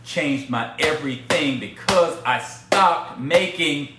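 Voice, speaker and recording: A man's voice: fairly high pitch, slow pace, background noise. A man coaching on a casual live stream, playful and teasing as he talks to viewers. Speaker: business coach. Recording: echoey room with faint ambience.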